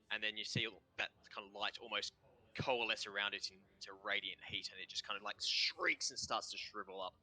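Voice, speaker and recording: A man's voice: on the low side, sharp tone. A man with an Australian accent, the game master narrating a tabletop game in a casual way, trailing off with fillers. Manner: casual, laughs easily, trails off with "um" and "kind of".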